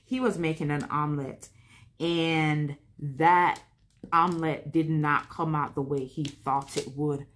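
A woman's voice: sits low, a bit bright. A woman hosting a home vlog, chatting casually and candidly while she crafts, rambling and talking to herself as she works. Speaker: vlog host.

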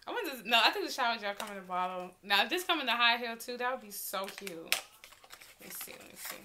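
Woman vlogger, bright lively tone, casual chatty haul delivery, talks right to camera, easily excited. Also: fairly high pitch, rapid-fire, a little hiss or hum. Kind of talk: casual unboxing haul vlog.

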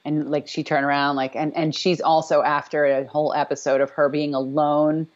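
A woman's voice: low voice, flat delivery, normal speed. A woman co-hosting a casual recap chat over a video call, rambling with many fillers and restarts. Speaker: podcast co-host. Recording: dull lo-fi call audio.

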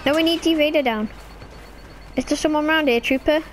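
A woman giving casual, excitable commentary while playing a video game, chatting away and breaking into sudden high squeals. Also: brisk, a little hiss or hum.

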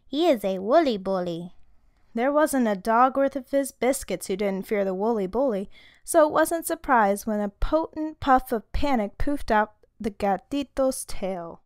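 A woman reading a children's story aloud in a lively, expressive way. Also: a little high, a little slow, dry recording, studio quality. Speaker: storybook reader.

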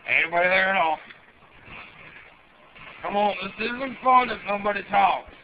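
A man's voice: high-pitched, moderate pace. A man playing a crude, cursing redneck gamer who grumbles a running commentary while he plays. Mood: grumbling. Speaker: gamer character in a comedy skit. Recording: muffled lo-fi home recording with loud background noise.

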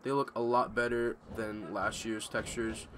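A man's voice: lowish voice, level tone, unhurried, background noise. A young man giving casual, ranting gameplay commentary at home, swearing freely. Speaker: gamer commentator. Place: home room.

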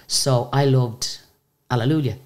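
A woman's voice: very deep voice, fairly even intonation, measured pace, a little mellow. An Irish woman, a guest in a casual interview, tells a long story in a chatty way, with restarts and asides, and acts out the people she quotes.

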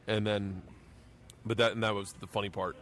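A man's voice: on the low side, normal speed. A middle-aged male comedian hosting a podcast, telling profane stories and acting out quotes in a loose, casual way. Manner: profane, animated storytelling with acted-out quotes.

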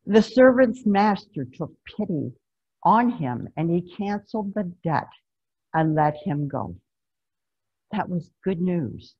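A woman's voice: lowish voice, lively intonation, slow pace, slightly rough. A woman pastor preaching a sermon in a conversational, emphatic storytelling way, over a video call. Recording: dull lo-fi video-call recording.

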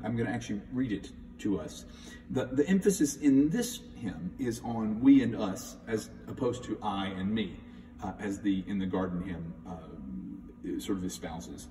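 A man's voice: lowish voice, dark tone, slight background noise. A middle-aged man, a church music director, giving a conversational talk on hymns and reading the texts aloud with emphasis. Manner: thoughtful, conversational, reads hymn texts with emphasis. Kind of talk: spoken hymn talk with readings. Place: large church sanctuary. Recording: echoey church from a distance.

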